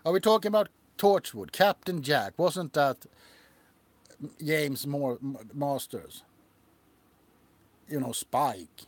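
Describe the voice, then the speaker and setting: A man's voice: a little high, animated, no room sound. A man chatting on a livestream about shows and his ASMR characters, rambling and laughing. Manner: rambling, laughing, slow and halting. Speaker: ASMR creator. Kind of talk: casual livestream chat.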